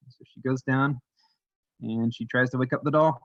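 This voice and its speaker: A man telling a folktale to a congregation in an animated, folksy way, with casual asides. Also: mid-range voice, moderate pace, pauses often, no echo, dull audio. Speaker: worship leader telling a story.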